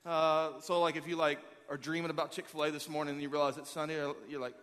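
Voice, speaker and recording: A man in his thirties, a pastor preaching a sermon, energetic and joking as he rallies the crowd. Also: fairly high pitch, quick pace, hardly any pauses. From Arkansas. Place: large church auditorium. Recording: long hall reverb.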